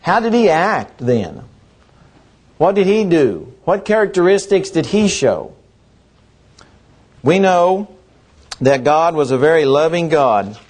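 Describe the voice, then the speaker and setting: A man's voice: on the high side, very animated, slow, long pauses, darkish tone. A man preaching a sermon, asking rhetorical questions and stretching out key words for emphasis.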